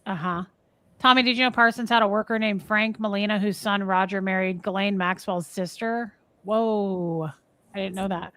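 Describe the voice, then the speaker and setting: A woman co-hosting a podcast, telling a long personal story in a casual, animated way, acting out the other people in it and filling her talk with "like" and "um". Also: medium pitch, normal speed, no room sound. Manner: animated storyteller, acts out quoted voices, many fillers. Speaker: podcast co-host.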